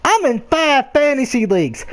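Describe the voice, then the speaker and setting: A man hosting a casual sports picks show, blunt and profane, ranting in an animated way. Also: very high voice, normal speed, noisy background. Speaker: sports picks podcast host.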